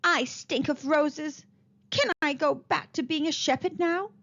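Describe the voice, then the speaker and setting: A woman's voice: sits high, unhurried, a bit bright, pitched above the performer's own voice. A woman voicing a humble young shepherd boy turned reluctant prince, plaintive and a bit whiny, in a storybook read-aloud. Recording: slightly dull lo-fi recording.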